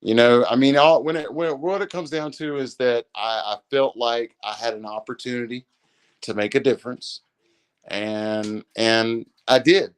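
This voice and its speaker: A man's voice: mid-range voice, normal speed, clean tone. A man, a podcast guest, earnestly telling a personal story in casual speech, peppered with "dude" and "man". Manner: earnest, says "dude" and "man" often, chokes up at times. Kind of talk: emotional storytelling in a podcast conversation.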